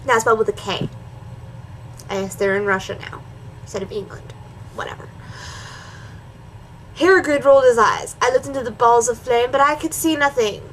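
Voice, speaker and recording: Slightly high and a bit bright, this woman's voice moves at a moderate pace with long pauses, captured on a rough recording with slight background noise. As a reaction video host, she mockingly performs a dramatic reading of a bad story, interrupting herself with sarcastic jabs.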